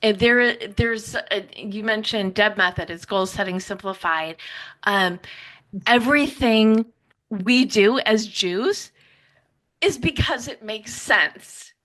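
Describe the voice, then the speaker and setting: A woman answering interview questions in an emotional, reflective way, with quick run-on sentences and frequent restarts. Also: medium pitch, a bit bright, low-quality recording. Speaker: podcaster and writer, interview guest. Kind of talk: heartfelt conversational interview answers.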